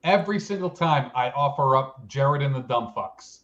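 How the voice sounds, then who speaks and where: A man's voice: medium pitch, animated, normal speed, fairly bright tone. Guy co-hosting a chat show, rambly storyteller, kinda muffled lo-fi mic. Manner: chatty, storytelling, self-mocking. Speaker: co-host. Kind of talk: casual chat.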